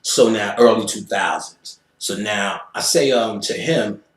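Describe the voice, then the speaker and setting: A man's voice: on the low side, a little slow, roomy sound. A man from Queens, telling a story in casual, profane talk and acting out the voices of the people in it. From Queens, New York. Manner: animated, profane, acts out quoted voices.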